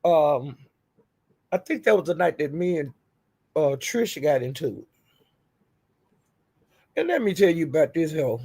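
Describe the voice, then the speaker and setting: A woman's voice: low voice, very animated, unhurried, long pauses, dark tone, husky. A woman hosting her own livestream, telling stories in a profane, laughing, casual rant. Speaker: livestream host.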